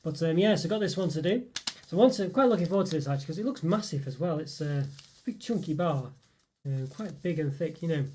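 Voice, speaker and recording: A man's voice: fairly high pitch, lively intonation, brisk, warm tone, slight background noise. A man hosting a live stream, chatting in a rambling way and reading out viewer comments with lots of fillers and chuckles. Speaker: live stream host reviewing chocolate.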